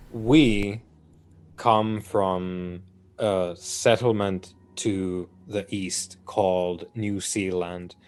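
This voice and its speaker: Slow, deep-voiced man speaking formally. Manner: slow, formal, measured speech. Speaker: player. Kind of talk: in-character tabletop role-play.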